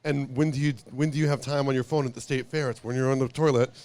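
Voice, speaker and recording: A man's voice: mid-range voice, steady tone, fast, a little mellow. A man guest on a radio show, chatting casually as a tour guide and laughing easily.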